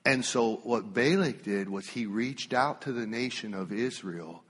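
A man preaching a sermon, telling a story with animated swings from loud to hushed. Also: mid-range voice, unhurried, slightly rough. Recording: long reverb of a church hall.

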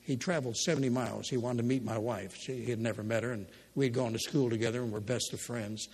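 Heard through long hall reverb, this older preacher speaks fast in a steady, medium-pitched voice that's slightly mellow and husky. Between scripture readings he tells folksy tales from his own life, full of humorous asides.

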